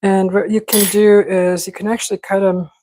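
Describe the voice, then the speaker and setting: A woman hosting a casual cooking vlog, rambling in a relaxed way with many fillers and restarts. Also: medium pitch, normal speed, slight background noise, rough recording. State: talking with mouth full at times. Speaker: cooking channel host.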